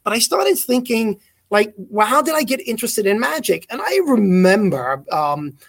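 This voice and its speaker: A man's voice: high voice, sing-song, normal speed, creaky. A middle-aged man from England with a mixed English, South African and American accent, telling rambling stories as a guest in a casual interview. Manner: rambling, storytelling, self-correcting. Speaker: guest magician. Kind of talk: casual video-call interview.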